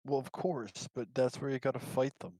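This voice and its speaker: A man's voice: medium pitch, steady tone, normal speed, dark tone, no echo, poor audio. Man chatting on a dry close mic. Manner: eager, laughs easily. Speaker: streamer. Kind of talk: casual chat.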